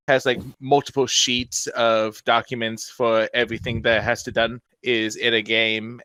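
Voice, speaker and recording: A man's voice: mid-range voice, fairly bright tone, dry recording. A young man chatting casually on a group podcast, rambling and joking. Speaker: podcast co-host.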